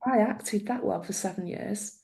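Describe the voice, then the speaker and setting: A woman's voice: medium pitch, normal speed, vocal fry, dark tone. A middle-aged woman, a guest telling her story in conversation and acting out the dialogue she quotes. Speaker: guest, former social worker.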